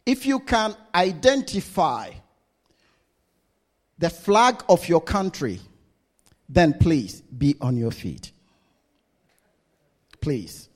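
A man preaching a sermon to his congregation, slow and deliberate, often laughing as he leads them. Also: on the high side, big pitch swings.

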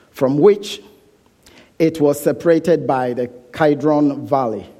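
A man preaching a sermon, deliberate and emphatic, repeating phrases for weight, dropping to a hush when he prays. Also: a little high, slightly rough. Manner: soft, hushed prayer.

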